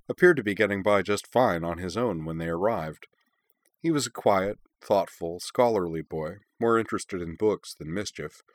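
Male audiobook narrator, very low, calm and even, dry read. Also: no room sound.

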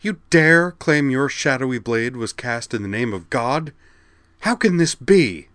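A man's voice: medium pitch, huge pitch swings, normal speed, dry recording, voice pushed up. A man doing a snarling young Valkyrie. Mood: indignant. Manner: snarling, shouted accusations. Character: fierce young female Valkyrie warrior, self-righteous.

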